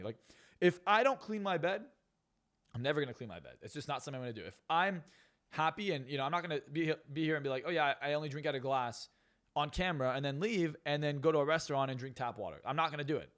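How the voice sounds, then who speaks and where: A man's voice: a little high, lively intonation, fast, fairly bright tone. A man on a podcast talking bluntly and profanely, ranting with strong opinions. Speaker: podcast guest. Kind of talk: casual podcast talk.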